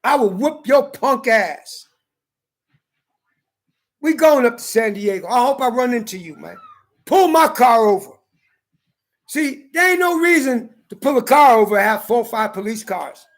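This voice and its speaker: Heated high-voiced man ranting. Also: animated, measured pace, long pauses. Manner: profane, heated, shouting at times. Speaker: ranting commentator. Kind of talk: angry personal rant and storytelling.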